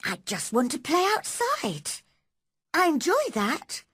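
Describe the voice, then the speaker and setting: A woman voicing a lonely, eager young girl who speaks in a rushed, pleading way. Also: high voice, huge pitch swings, a bit bright, dry recording, clean studio sound, voice pushed up, full character voice. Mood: nervous.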